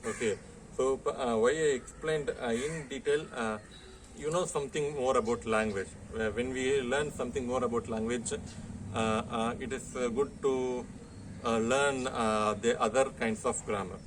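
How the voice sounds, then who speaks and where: A man's voice: mid-range voice, steady tone, normal speed, slight background noise. Hesitant Indian English male lecturer. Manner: hesitant, heavy "uh" fillers and frequent "okay". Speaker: college lecturer. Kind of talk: classroom lecture.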